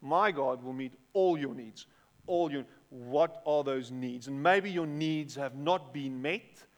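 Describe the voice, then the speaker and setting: South African pastor preaching in a hall. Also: male voice, medium pitch, slow pace. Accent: South African English. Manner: conversational, repeats words, animated bursts. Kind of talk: sermon. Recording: long hall reverb.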